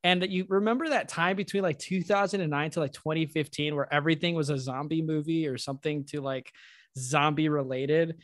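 Male podcast host, slightly high voice, dry close mic, excited fan energy. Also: a little fast, no echo. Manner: enthusiastic, filler-heavy, laughs often. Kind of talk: casual podcast chat.

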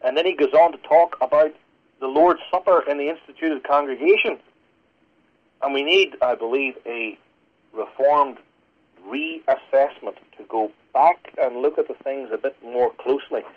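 A pastor from Northern Ireland talks quickly and earnestly, laying out his teaching point by point. His voice sits at a middle pitch. The sound is dull and lo-fi, like a broadcast over a phone line. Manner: fast, earnest teaching delivery. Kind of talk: radio interview guest. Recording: lo-fi radio broadcast.

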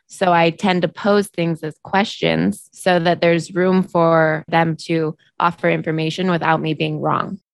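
A woman in casual chat, reflective and tentative, laughing softly. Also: lowish voice, creaky, no echo.

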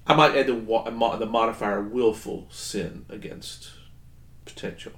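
A man co-hosting a casual podcast, speaking in a deliberate, measured way as he searches for the right words. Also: on the low side, steady tone, a bit bright. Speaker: podcast co-host. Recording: roomy echo.

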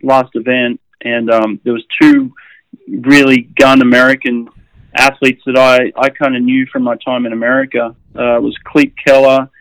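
A man's voice: medium pitch, little pitch movement, normal speed, fairly bright tone, smooth, dry recording, rough recording. A middle-aged Australian man, a swimming coach, telling stories casually with many fillers and chuckles. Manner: rambling, with frequent fillers and chuckles. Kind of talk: casual storytelling.

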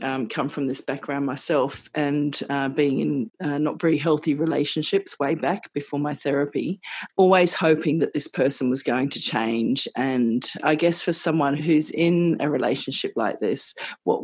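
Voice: mid-range voice, breathy edge, no room sound. A podcast host asking a personal, reflective question, often giving short supportive affirmations. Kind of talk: podcast interview.

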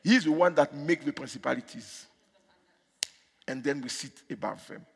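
A male preacher delivering a fervent sermon with commanding declarations, in a husky voice. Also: fairly high pitch, moderate pace. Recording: echoey hall.

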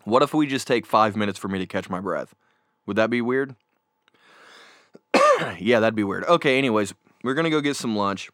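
A man hosting a casual chat show, telling stories in a rambling, animated way with many fillers, close on a desk microphone. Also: lowish voice, moderate pace, long pauses, dry recording. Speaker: podcast host. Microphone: new desk microphone.

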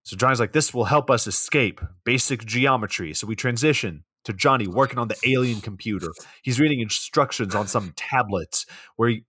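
A man's voice: mid-range voice, fairly bright tone, husky, no echo, clean studio sound. Sarcastic man recapping a movie. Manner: swearing, sarcastic, rambling. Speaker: podcast co-host. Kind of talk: casual comedic movie recap.

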